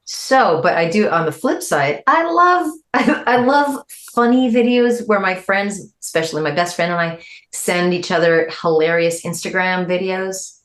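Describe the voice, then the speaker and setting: A middle-aged woman, a guest musician, chatting in an interview, animated and quick to laugh, her voice jumping up when she quotes people. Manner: animated, jumps high when quoting people, laughs easily. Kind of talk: casual interview chat.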